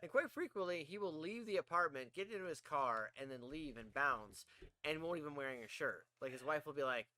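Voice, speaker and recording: A man co-hosts a podcast in casual chat, rambling through stories while laughing often and swearing. His voice is a little high, animated, brisk and bright, with a forceful tone.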